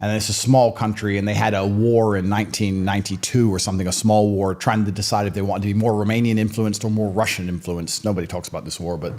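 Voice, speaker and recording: A man's voice: lowish voice, steady tone, quick pace, hardly any pauses, a little mellow. A man in his thirties, a guest in a sit-down interview, telling stories and giving opinions in a blunt, provocative, emphatic way. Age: 30s. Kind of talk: conversational storytelling and opinion.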